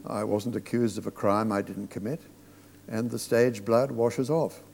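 A man, a theatre director, telling anecdotes to an audience, halting and restarting as he goes. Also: fairly low pitch, fairly even intonation, gravelly, a little mellow, slight background noise. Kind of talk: storytelling on stage. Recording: long reverb of a hall.

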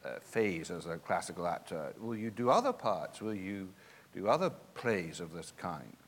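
A man's voice: low-pitched, lively intonation, normal speed, in a large hall. A man interviewing an actor, asking curious, probing questions.

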